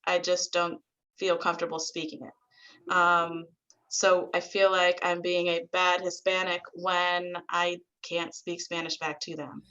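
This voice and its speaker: A woman's voice: fairly low pitch, little pitch movement, unhurried. Hesitant woman on a dull video call. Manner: hesitant, soft-spoken. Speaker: workshop participant.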